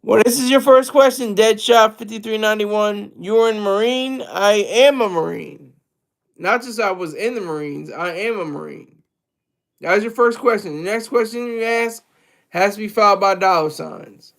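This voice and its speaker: Streamer type: man with a high, gravelly voice, crude and mocking, rambling livestream rant. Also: normal speed, a bit bright.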